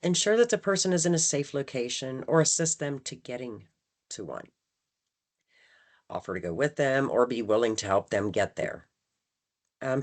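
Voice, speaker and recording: A woman leading a staff training session, talking conversationally and often checking in with "right?". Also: rumbling low. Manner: acts out phrases with shifting emphasis. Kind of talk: training presentation.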